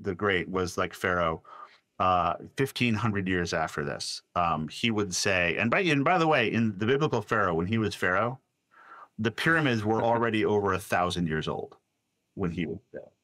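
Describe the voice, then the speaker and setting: Low voiced guy spinning a story, dry close sound, lots of restarts. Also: no room sound. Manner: animated storyteller, quotes voices, many restarts. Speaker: podcast guest. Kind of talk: storytelling in a casual interview.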